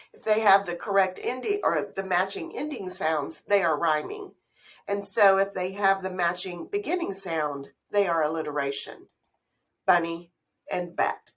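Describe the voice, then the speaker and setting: A woman's voice: mid-range voice, fairly bright tone. A woman giving a recorded slideshow lesson on early reading, speaking in a patient, explanatory way and putting questions to the listener. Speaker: literacy educator.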